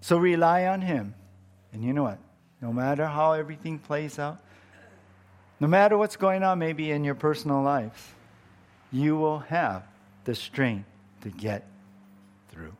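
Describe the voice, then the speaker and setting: A man's voice: fairly high pitch, measured pace, pauses often. A middle-aged man preaching a sermon as pastor, earnest and emphatic, repeating his key phrases for weight.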